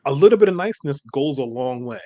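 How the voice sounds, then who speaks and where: A man's voice: medium pitch, expressive, fast, warm tone. A man, co-hosting a casual reaction chat, making his case earnestly and at length. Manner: earnest, persuasive, rambling. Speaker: co-host.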